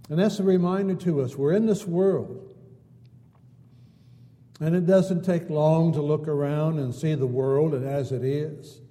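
Male preacher, very warm dark tone, repetitive stacked phrasing, recorded with long church reverb. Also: fairly high pitch. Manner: repetitive, building phrases with folksy asides. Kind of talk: sermon. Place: church sanctuary.

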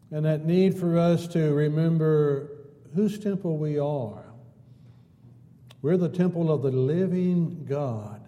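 A man's voice: on the high side, slow pace, warm tone. A man preaching a sermon in church, building his points in repeated phrases with folksy asides. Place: church sanctuary. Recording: long church hall reverb.

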